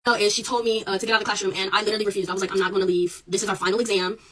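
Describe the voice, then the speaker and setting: A young woman telling her own story into a phone camera, rapid and emphatic, her voice rising as she relives the argument. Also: mid-range voice, little pitch movement, a bit bright, recorded from a distance, slight background noise, poor audio. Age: young adult. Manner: rapid, emphatic, raises voice when reliving the clash. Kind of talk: casual social media recording.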